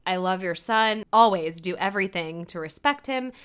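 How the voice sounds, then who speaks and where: A woman co-hosting a casual chat, animatedly retelling a TV episode and quoting the characters in quick put-on voices. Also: medium pitch, a bit bright, smooth. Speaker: podcast co-host recapping a TV episode.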